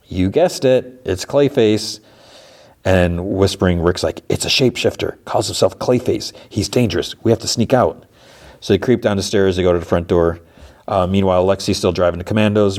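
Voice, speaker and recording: Low-voiced male podcast host, loose and rambling, retelling a story. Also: a little mellow. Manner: rambling, filler-heavy storytelling. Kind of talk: casual episode recap.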